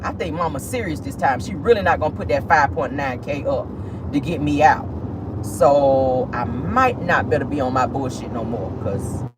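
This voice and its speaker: A vlogger voicing a scared young man in jail who slowly realizes his mother will not bail him out, speaking low and slow. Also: animated, close to an everyday voice. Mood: worried. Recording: noisy car interior.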